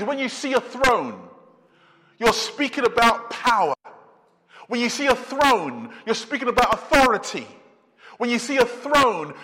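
A man preaches with a high, bright voice, driving each point home through repetition and long pauses. He speaks slowly and deliberately. His voice carries the long reverb of a large church sanctuary. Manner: emphatic preaching with slow, drawn-out pauses and repetition. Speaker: pastor. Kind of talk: sermon.

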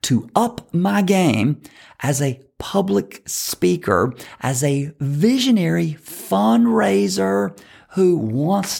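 An instructional talk from a speaking coach with a deeply gravelly, husky voice. The delivery is slow and deliberate, with wide swings in pitch. Key words get repeated for emphasis. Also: a little mellow. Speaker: public speaking coach for fundraisers.

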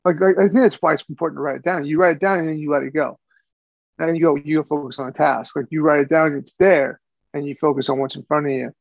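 Gravelly man rambling in casual chat. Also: a little high, steady tone, fast, no echo, lo-fi sound. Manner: rambling, repeats words while thinking. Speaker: podcast co-host.

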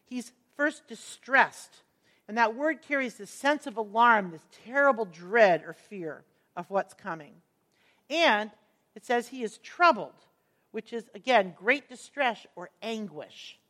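A woman teaching a Bible passage, earnest and emphatic, slowing down to stress key words as she explains the verses. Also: on the high side, expressive, fairly bright tone.

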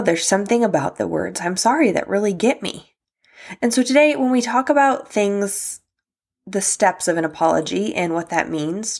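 A woman's voice: mid-range voice, vocal fry, slightly rough. A young adult woman hosting a solo podcast, talking candidly and casually about apologies and relationships, with fillers and the odd swear word. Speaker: podcast host.

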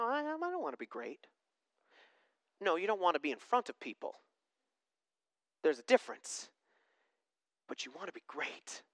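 A pastor giving a sermon in a conversational way, asking the congregation questions and swinging between emphatic preaching and hushed tones. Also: medium pitch, clear, resonant tone, dry recording.

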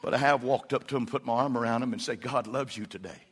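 A middle-aged man preaching a sermon, with folksy storytelling that swells into loud, emphatic preaching. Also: medium pitch, fast talker, husky, faint music behind. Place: church sanctuary.

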